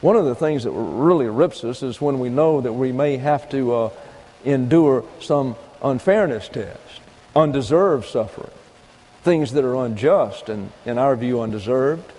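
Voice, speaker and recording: Reading out scripture verses and working through numbered points, a male pastor teaches deliberately in his sermon. His mid-range voice is expressive and warm, with a long reverb tail on a low-quality recording.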